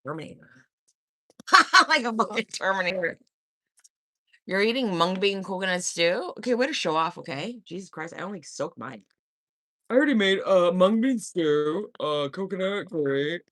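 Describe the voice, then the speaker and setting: A woman chatting live from her home with a bright, sharp edge to her voice. Her pitch swings widely as she swears freely, laughs and roasts her viewers in a loose, rowdy way. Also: animated, normal speed, no echo, clean studio sound. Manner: profane, loud, laughs often, teasing. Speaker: livestream host. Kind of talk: casual livestream chat.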